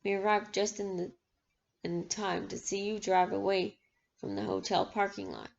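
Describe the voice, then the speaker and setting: A soft, menacing male thug from a storybook, sneering and cruel, as a woman reader puts him on. The voice is gravelly and raised a little above her reading voice. The recording sounds dull and lo-fi. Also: medium pitch, level tone, moderate pace.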